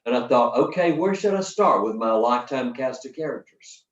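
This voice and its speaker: An older man leading a storytelling workshop, talking to a live audience in a folksy, lively way with dramatic pauses. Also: medium pitch. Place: workshop hall. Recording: roomy, distant, dull sound from the back of a hall.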